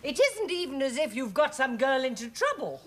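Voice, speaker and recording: A woman's voice: sits high, sing-song, normal speed, a little hiss or hum. An actress playing a bossy, fussy older mother in a studio sitcom, with a sing-song delivery. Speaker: domineering mother. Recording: studio audience laughter. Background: loud audience laughter.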